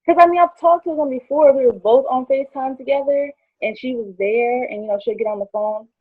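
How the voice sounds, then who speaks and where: A woman in her twenties telling a personal story, acting out quoted dialogue in lively voices. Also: high-pitched, fairly quick, dry recording. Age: 20s. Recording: dry tinny phone-like line.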